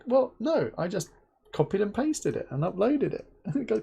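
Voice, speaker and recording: A man's voice: sits high, normal speed, creaky, breathy edge. A man from England hosting a casual live interview, joking and telling stories with lots of laughter. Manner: joking, animated storyteller, laughs often. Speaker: host.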